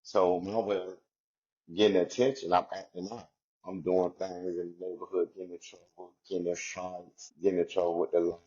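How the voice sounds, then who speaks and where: A man's voice: deep voice, little pitch movement, normal speed, mellow, highs cut off. A man, a former inmate, speaks candidly and reflectively about his past, in a loose style filled with "you know" and "like". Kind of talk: candid personal storytelling.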